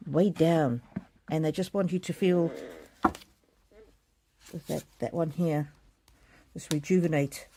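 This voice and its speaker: A middle-aged woman doing a live oracle card reading, gentle and halting, with many pauses, fillers and repeated words. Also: on the low side. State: choked up with emotion. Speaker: psychic card reader.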